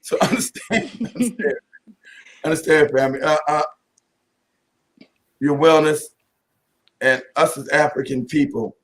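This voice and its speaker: Man telling jokes to an audience, fairly high voice. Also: measured pace, pauses often. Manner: joking, profane, full of restarts and asides; keeps addressing the audience as family. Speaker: speaker at a community talk. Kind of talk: casual storytelling talk to an audience.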